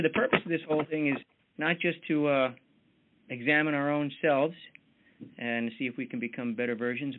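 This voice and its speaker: A man's voice: mid-range voice, a little hiss or hum. A man leading a motivational team mentoring call in a folksy, chatty manner, full of fillers, heard over tinny call audio.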